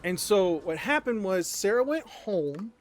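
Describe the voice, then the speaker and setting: A man streamer telling a story in casual chat, animated and sarcastic, with frequent stammered restarts and swearing. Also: high voice, unhurried, a little hiss or hum.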